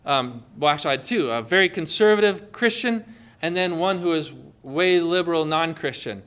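High-voiced man preaching conversationally. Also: lively intonation, moderate pace, fairly bright tone, clean tone. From Connecticut. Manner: storytelling, full of rhetorical questions. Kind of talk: conversational sermon on evangelism.

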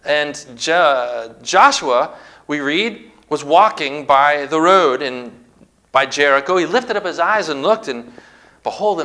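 A man preaching a sermon, retelling scripture stories with emphatic, dramatic delivery and slow stressed phrases. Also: fairly high pitch, bright, forceful tone, poor audio. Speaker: pastor.

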